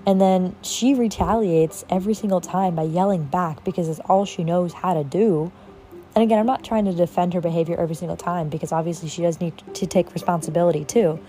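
A woman's voice: on the low side, steady tone, a little fast, mellow. A young woman telling a personal story in a casual monologue, with lots of "like" and frequent swearing. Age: young adult. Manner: casual, heavy use of "like", swears freely, quotes others in acted voices. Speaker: podcast host.

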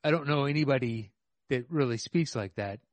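Man, mid-pitched voice, hesitant measured chat, lots of fillers, dry close recording. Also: no room sound. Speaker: podcast co-host. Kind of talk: casual movie chat.

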